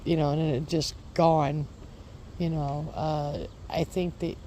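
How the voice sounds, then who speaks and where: A woman's voice: sits low, flat delivery, slow, mellow, a little hiss or hum. A woman chatting casually in her vlog, rambling and repeating her reassurances, recorded outdoors in a garden. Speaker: homesteading vlogger.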